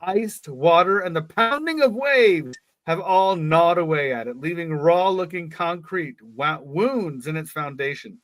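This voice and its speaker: Man, podcast co-host, reads aloud, jokey asides, slightly high voice, dry sound. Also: expressive, unhurried, few pauses, fairly bright tone, dry recording. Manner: joking, laughs between lines. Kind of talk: casual reading with jokey asides.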